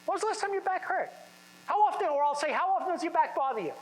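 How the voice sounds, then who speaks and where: A man gives a motivational seminar talk to chiropractors in a conference room, energetic and peppering the audience with rhetorical questions. His voice is very high-pitched and fast, with a long reverb tail on a rough recording.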